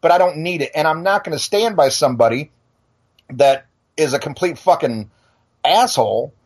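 A man's voice: on the high side, lively intonation, normal speed, husky. A middle-aged male podcast host on a blunt, profane rant, tripping into restarts as he talks. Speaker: podcast and radio show host. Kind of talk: heated casual rant.

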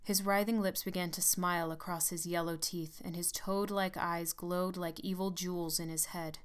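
A woman narrating a story in a measured, storytelling manner. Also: lowish voice, fairly even intonation, smooth. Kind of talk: scripted narration.

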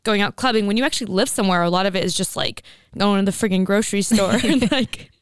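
A woman's voice: mid-range voice, quick pace, smooth, no room sound, clean studio sound. A young woman co-hosting a podcast, talking casually and leaning on "like" a lot. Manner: chatty, heavy use of "like". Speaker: podcast co-host. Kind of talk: casual chat.

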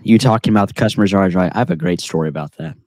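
A man's voice: lowish voice, sing-song, racing, vocal fry, a little mellow, no room sound. A man hosting a podcast, casually telling rambling, self-deprecating stories. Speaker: podcast host. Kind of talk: casual chat.

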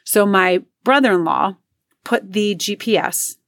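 A woman's voice: medium pitch, measured pace, gravelly, fairly bright tone, no room sound. A middle-aged woman telling a personal story in a casual, chatty way, full of fillers and acted-out quotes. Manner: chatty, filler-heavy, acts out quotes in raised voices.

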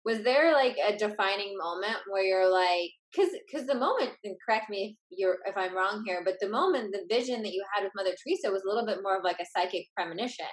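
A woman hosts a relaxed interview, asking her questions in a loose, chatty way. Her voice sits at an ordinary middle pitch. She fills her speech with "like" and ends thoughts with "right?". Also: fast talker, hardly any pauses, rough recording. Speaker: host. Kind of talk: conversational interview.

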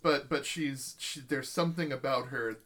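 In a podcast chat, a man with a medium-pitched voice tells a long anecdote at a moderate pace. He's animated and casual, acting out the voices of the people he quotes.

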